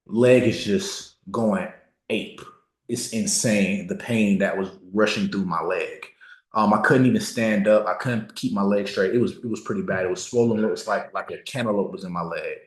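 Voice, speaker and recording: A man in his thirties giving a motivational talk, telling a personal story and slowing down to stress key words. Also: on the low side. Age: 30s. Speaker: motivational speaker. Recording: roomy echo.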